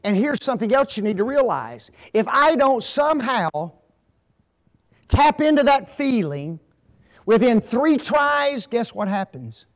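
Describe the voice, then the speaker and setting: A man's voice: extremely high pitch, very animated, unhurried. A man speaking as a guest at a marriage seminar, asking the audience to fill in the blanks. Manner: asks fill-in-the-blank questions.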